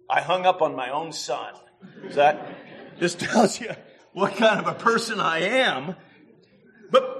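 Brief: middle-aged male preacher, high voice, animated storytelling delivery with chuckles. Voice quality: lively storyteller, chuckles often. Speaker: pastor. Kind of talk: sermon.

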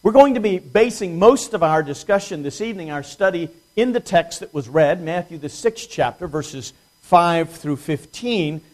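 A man preaching an evening Bible study to his congregation, plainspoken, with dry self-deprecating humor and slow emphasis on key words. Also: on the high side, animated, darkish tone. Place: church congregation.

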